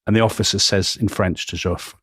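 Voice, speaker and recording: A man's voice: deep voice, fairly even intonation, fairly quick, fairly bright tone, slightly rough, no echo, clean studio sound. A man co-hosting a history podcast, retelling events dramatically with frequent laughs. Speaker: podcast co-host. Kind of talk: casual history podcast storytelling.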